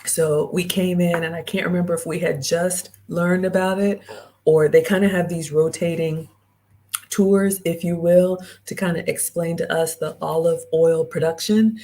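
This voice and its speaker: A woman with a low voice hosts a live-streamed travel vlog. She chats casually, straight to her viewers, and greets them by name as she reads out their comments. Her tone is mellow and relaxed. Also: normal speed. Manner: chatty, talks straight to viewers and reads out chat. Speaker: host.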